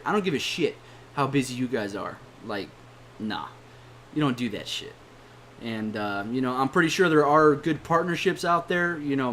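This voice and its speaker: Young male YouTuber with a slightly high voice; heated, blunt, swear-heavy rant. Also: slight background noise. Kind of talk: angry rant to camera.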